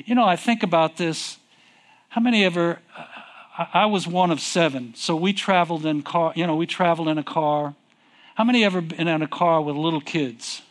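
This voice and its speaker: A man preaching a sermon, reading scripture in King James wording and asking his congregation questions, with slow, drawn-out emphasis. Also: fairly high pitch. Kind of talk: sermon with call and response.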